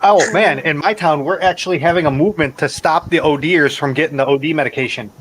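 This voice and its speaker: A man's voice: on the high side, fast, a bit bright, a little hiss or hum, rough recording. Blunt man with a raised voice. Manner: blunt, emphatic, swears casually. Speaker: livestream chat participant. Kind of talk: casual group chat.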